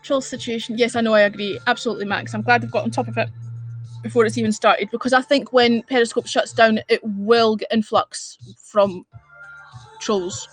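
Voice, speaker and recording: A woman's voice: a little high, fairly even intonation, normal speed, soft background music. Sweary woman ranting on a livestream. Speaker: livestreamer chatting with viewers. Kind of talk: casual live-stream chat.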